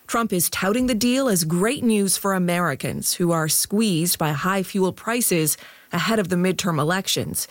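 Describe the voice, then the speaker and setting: A woman news anchor reading the headlines in a measured, formal way. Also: lowish voice, no echo. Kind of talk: radio newscast reading.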